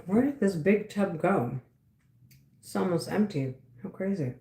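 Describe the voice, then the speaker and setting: Agitated woman in rapid repeated bursts. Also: expressive, dark tone. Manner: agitated, repetitive, swings between fast bursts and low mutters. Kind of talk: casual monologue to camera.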